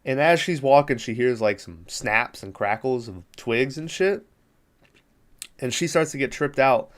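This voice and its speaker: Podcast host, male, smooth clear voice, loose profane plot recap with lots of fillers. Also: medium pitch, a little slow. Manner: rambling, profane, amused. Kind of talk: casual movie recap.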